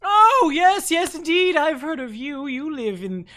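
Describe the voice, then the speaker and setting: A game master voicing a chatty, fussy fey mother creature in a high airy voice. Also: unhurried, pushed and bright.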